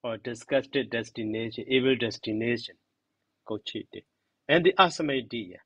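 A man teaching a grammar lesson, repeating each term slowly and giving its meaning. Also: medium pitch, a bit bright, slightly rough, no echo, muffled recording. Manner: slow, repeats terms and glosses them.

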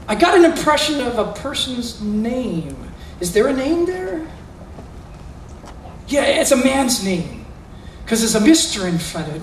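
A man with a very high voice performs as a magician at a school, coaxing kid volunteers through mind-reading tricks with theatrical, playful talk. A little hiss or hum is present, and he sounds distant in an echoing indoor school room or gym.

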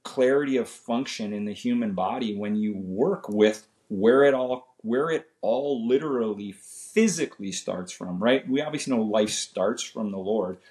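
A man's voice: on the low side, normal speed, few pauses, darkish tone. A man from Canada, a guest in a casual chat, speaking earnestly with frequent "right?" tags. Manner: earnest, faith-filled, says "right?" and "man" often. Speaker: guest, chiropractor.

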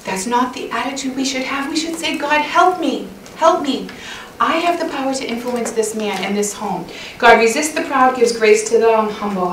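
Lady speaker at a church women's session, earnest, lots of questions, bit far from the mic, faint room hum. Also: on the high side. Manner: earnest, asks many questions, animated storytelling. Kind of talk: devotional talk and prayer. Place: church hall. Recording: echoey hall, voice from off-mic.

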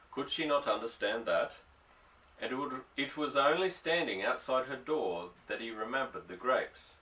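A man narrating an audiobook, telling the story in a steady way. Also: medium pitch. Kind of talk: scripted narration. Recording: distant mic.

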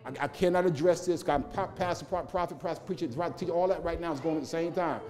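A man's voice: on the high side, fast, darkish tone. A male pastor a sermon in a rhythmic, repetitive style with humorous asides.

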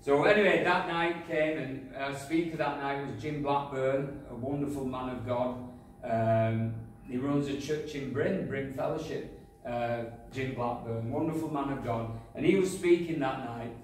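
Preacher in an echoey hall. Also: male voice, mid-range voice, unhurried. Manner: storytelling, swings between loud praise and quiet asides. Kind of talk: sermon with personal testimony. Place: church hall. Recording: echoey hall, from far off, faint noise.

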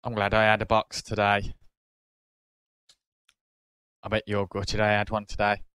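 A British man hosting a card-opening video, casually calling out each card and getting excited over good pulls. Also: fairly low pitch, unhurried, smooth, no echo. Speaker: card-opening channel host.

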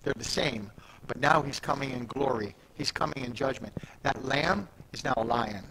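A pastor with a mid-range voice preaches at a church service at normal speed, emphatic and conversational, with restarts and asides. There's noise in the background.

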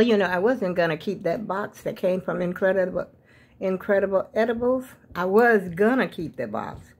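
A woman in her seventies chatting casually to her viewers in a rambling, folksy way, often calling them y'all. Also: lowish voice. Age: 70s. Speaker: vlogger. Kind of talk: casual chat to camera.

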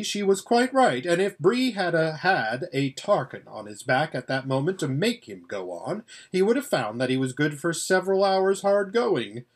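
Male audiobook narrator, husky, lively expressive storytelling. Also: a little high. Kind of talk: audiobook reading.

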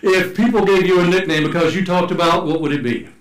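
A man preaching a sermon in a church, telling stories with humor and sometimes shouting out playful calls to act them out, then reading scripture aloud. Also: sits high, fast. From United States. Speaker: pastor. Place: church sanctuary. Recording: echoey church room.

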